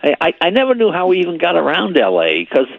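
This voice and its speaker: Over a muffled lo-fi radio line, a man in his seventies, a comedian phoning in as a guest, spins rambling stories and performs the characters' voices. His fairly high voice swoops wildly in pitch, fast and creaky, with no echo.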